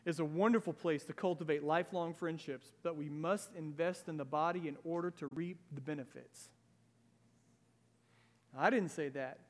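Speaking in a reverberant church hall, a high-voiced male pastor preaches his sermon with animated, conversational energy. He drifts into asides along the way, and the sanctuary's long echo trails his words.

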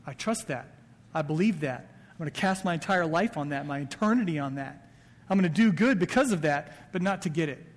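Male pastor, conversational sermon, higher voice, long hall reverb. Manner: conversational preaching with quoted asides. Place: church sanctuary.

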